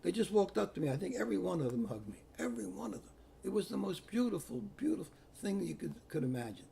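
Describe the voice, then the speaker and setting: An older man, a priest telling personal stories in an animated way, acting out what people said. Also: high voice, fast talker, creaky, slight background noise. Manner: animated, repeats himself, acts out quotes. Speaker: Catholic priest. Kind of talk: personal storytelling.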